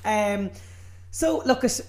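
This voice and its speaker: An Irish woman talking casually on a podcast, wry and chatty. Her voice sits at a middling pitch and carries a noticeable roomy echo. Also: expressive, slow pace, darkish tone. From Ireland. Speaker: podcast co-host. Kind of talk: casual chat.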